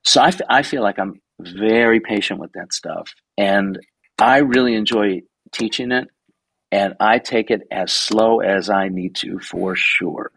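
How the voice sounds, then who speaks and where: A man in his sixties, a guest photographer telling stories in a casual interview, animated, swearing freely and acting out the people he quotes. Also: lowish voice, a little slow, gravelly, husky, no room sound, poor audio. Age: 60s.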